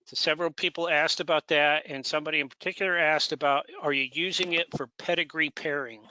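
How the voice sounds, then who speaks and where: A man moderating a webinar panel, brisk and conversational as he puts audience questions to the speakers over a video call. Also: fairly high pitch, fairly even intonation, bright, forceful tone, clean tone. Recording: dry, dull video call audio.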